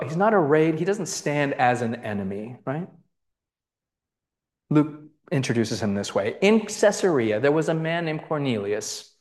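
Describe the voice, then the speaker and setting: A man's voice: medium pitch, a little mellow. A man giving a lecture on scripture, with conversational asides, who acts out the quoted voices. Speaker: Bible teacher.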